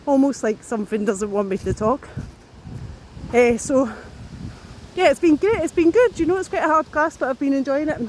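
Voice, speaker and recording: A woman's voice: high-pitched, moderate pace, long pauses, a little mellow, a little hiss or hum. A woman talking to her camera as she walks along outdoors, out of breath between phrases. Her speech rambles, doubles back on itself and breaks into swearing. The tone stays loose and unscripted throughout. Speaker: vlogger. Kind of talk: casual talk to camera.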